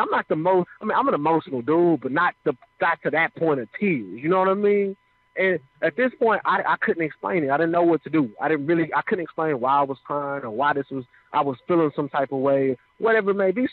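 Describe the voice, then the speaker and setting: A man's voice: on the high side, no room sound. A man telling his life story in a casual, conversational way, often asking "you know what I mean". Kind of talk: casual personal testimony. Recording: dry, phone-like radio sound.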